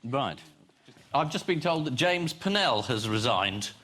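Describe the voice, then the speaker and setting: A man's voice: medium pitch, very animated, measured pace, over a noisy crowd. A man bantering wryly on a comedy panel show, laughing through his jokes. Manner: wry, laughing asides. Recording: noisy studio recording.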